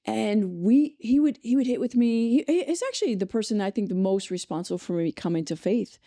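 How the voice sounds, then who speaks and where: Woman host, chatty, enthusiastic, mellow voice, dry sound. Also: mid-range voice, lively intonation, no echo. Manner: chatty, enthusiastic, quick asides. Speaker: podcast host. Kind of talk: casual conversational storytelling.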